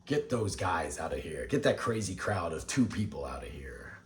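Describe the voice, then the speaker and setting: A man's voice: lowish voice, lively intonation, normal speed, lightly acted. A man mocking smug rock stars shooing fans. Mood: sneering. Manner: sarcastic, mocking, dismissive. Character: smug rock band members shooing off fans, adult men.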